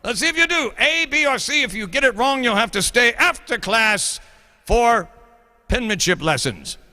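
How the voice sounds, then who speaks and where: A man's voice: very high voice, expressive, normal speed, sharp tone, in a large hall, voice pushed up, heavily acted. A man voicing a stern English schoolteacher lecturing his class, in a put-on English accent and a theatrical, schoolmasterly manner.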